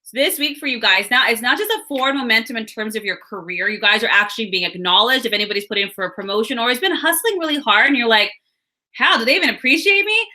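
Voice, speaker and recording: A woman's voice: fairly high pitch, quick pace, pushed and bright. A woman giving a casual, upbeat weekly horoscope and card reading, chatting straight to her viewers. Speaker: astrology and card reader.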